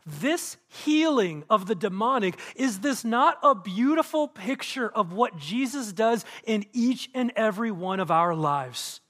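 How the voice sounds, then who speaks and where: Guy pastor preaching in church, kinda high voice, acts out the quotes, super animated. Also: a little slow, hardly any pauses. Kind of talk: sermon. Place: church auditorium.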